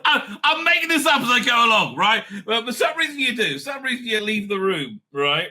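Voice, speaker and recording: A middle-aged man talks through a casual live-stream review, rambling, swearing and laughing at his own jokes. His voice sits high and swings widely in pitch. It sounds bright and sharp. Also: big pitch swings, fairly quick. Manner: rambling, profane, laughing often. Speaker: rabbi and show host.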